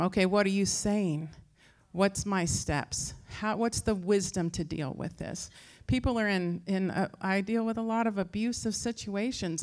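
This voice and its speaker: A woman who teaches Christian faith gives an informal talk in a mid-range voice. She tells rambling, animated stories and acts out other people's voices.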